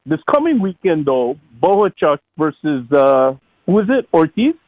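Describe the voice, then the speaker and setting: A man's voice: fairly high pitch, sing-song, normal speed, dry recording, phone-quality sound. A man calling into a podcast, rambling, swearing freely and stammering on repeated words. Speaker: caller. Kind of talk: casual call-in chat.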